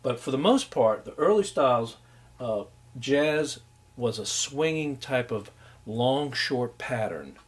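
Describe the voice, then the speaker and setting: Slow-talking man scatting rhythms in a lecture. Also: mid-range voice, animated, husky. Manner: scats and hums rhythms to demonstrate; unhurried, loose, with many fillers. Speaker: music instructor. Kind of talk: recorded lecture.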